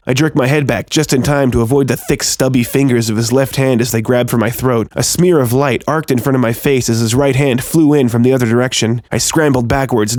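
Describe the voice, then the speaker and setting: A man narrating a first-person horror story in a tense, steady storytelling manner. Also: mid-range voice, no echo, clean studio sound.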